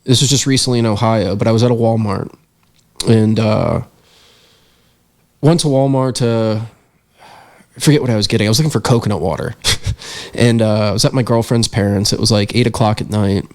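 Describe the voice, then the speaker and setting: Gravelly man telling a story earnestly. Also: lowish voice, a little fast, long pauses, a little mellow. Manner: earnest, reflective, many fillers. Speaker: podcast guest, filmmaker. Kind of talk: storytelling in a casual interview.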